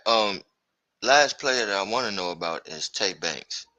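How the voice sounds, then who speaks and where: Sports podcast host guy, super bright tone, low-ish voice, dry close sound, kinda hyped and slangy. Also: a little slow, no echo, rough recording. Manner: loose, excitable, slangy, lots of fillers. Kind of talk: casual sports chat.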